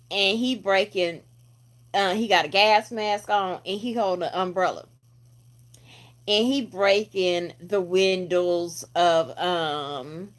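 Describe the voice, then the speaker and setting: A middle-aged woman vlogger telling a story in a casual, animated way, full of profanity and slang. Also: medium pitch. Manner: animated, profane, colloquial retelling with quoted voices.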